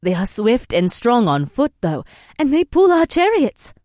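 A man reading a novel aloud, voicing a dainty young female warrior who speaks slowly and asks wondering, halting questions. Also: very high voice, huge pitch swings, a little mellow, dry recording, studio quality, voice pushed up, heavily acted. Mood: awed curious. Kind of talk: audiobook character voice.

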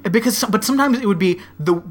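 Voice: medium pitch, lively intonation, quick pace. A co-host in a casual chat who talks thoughtfully, often trailing off and restarting.

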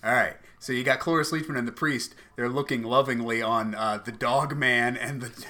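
A man co-hosting a podcast in casual comedic chat, animated and profane, laughing often. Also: medium pitch, normal speed. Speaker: podcast co-host.

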